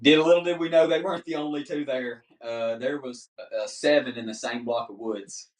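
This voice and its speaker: Man, 30s, lively podcast guest, mid-pitch, recorded off-mic in an echoey room. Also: moderate pace. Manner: animated, laughs often, says "dude" a lot. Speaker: guest hunter. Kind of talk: casual storytelling on a podcast. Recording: roomy, distant mic.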